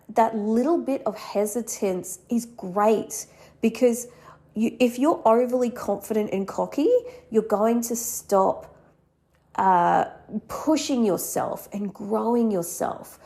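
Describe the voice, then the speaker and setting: A woman's voice: fairly high pitch, animated, unhurried, mellow. A woman in her thirties with a nasal, stuffed-up voice from a cold, hosting a solo podcast in an earnest, reflective way. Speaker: podcast host and therapist.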